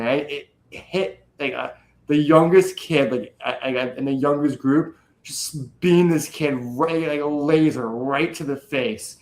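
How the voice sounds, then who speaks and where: A man's voice: mid-range voice, poor audio. A young man talking casually, swearing freely and rambling with energy. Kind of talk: casual chat.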